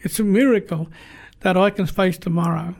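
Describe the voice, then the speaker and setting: A man's voice: high voice, steady tone, normal speed, gravelly, darkish tone, breathy edge. A middle-aged man preaching a sermon as a pastor, telling stories with passion and repeating phrases for emphasis.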